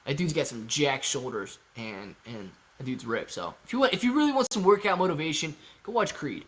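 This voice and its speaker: A man with a fairly high-pitched voice hosts a relaxed livestream. He reads comments from his viewers out loud and answers each one in an easygoing, joking way. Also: a little fast. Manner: playful and joking. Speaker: livestream host. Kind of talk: casual livestream chat.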